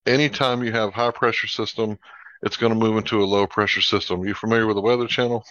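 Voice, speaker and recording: A man's voice: fairly low pitch, fairly even intonation, fast talker, fairly bright tone, no room sound. Insistent male live-stream host, dull lo-fi sound. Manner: pointed, insistent questioning. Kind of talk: debate-style questioning.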